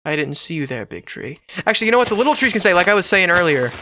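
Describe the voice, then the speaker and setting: A man's voice: high-pitched, big pitch swings, very fast, sharp tone, slight background noise. A man hosting his own gaming channel, giving casual, rambling, jokey commentary to himself while he builds in a game.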